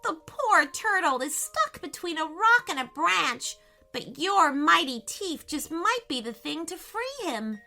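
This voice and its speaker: Woman doing a tiny cheerful storybook bird, high and springy. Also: unhurried, gravelly, soft background music, full character voice. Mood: eager. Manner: eager, polite, excitable.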